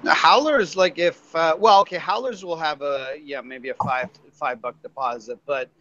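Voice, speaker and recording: Teasing co-host with slightly high pitch. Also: male voice, normal speed, sharp tone, muffled recording. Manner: teasing, crude joker. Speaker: beer podcast co-host. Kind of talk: casual chat.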